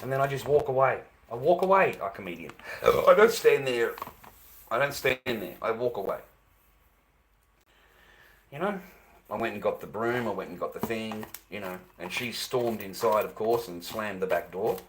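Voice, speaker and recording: A man's voice: lowish voice, expressive, normal speed, background noise. A middle-aged man ranting to a live chat, exasperated, swearing and repeating himself. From Australia. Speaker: livestreamer.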